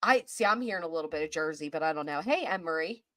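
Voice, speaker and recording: A woman's voice: low-pitched, expressive, fast talker, fairly bright tone, dry recording. Casting note: woman host with a Kentucky accent, casual livestream chatter, greets chat by name, close dry sound. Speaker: host of a live-stream chat show. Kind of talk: casual live-stream commentary.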